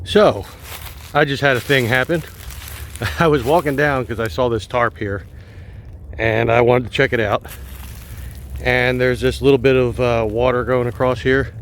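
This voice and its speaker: Man, mid-pitched voice, casual walking narration, outdoors, phone on a gimbal, faint outdoor hiss. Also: normal speed. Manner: relaxed, thinking aloud with fillers. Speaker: vlogger exploring a park. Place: outdoors on wooded trails.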